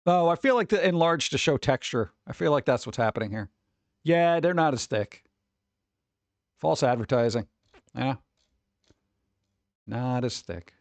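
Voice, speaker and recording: Lively gravelly-voiced man rambling and joking. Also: medium pitch, dry recording. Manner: rambling, joking, puts on quick voices for bits. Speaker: streamer. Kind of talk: casual reaction chat.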